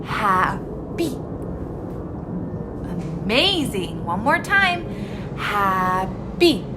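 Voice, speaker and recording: Slow, sing-song woman teaching toddlers. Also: a little high, wildly swooping pitch, background noise. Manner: exaggerated, sing-song, encouraging child-directed talk with frequent gasps; slow, careful modeling of words. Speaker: speech therapist. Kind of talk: speech practice lesson for young children.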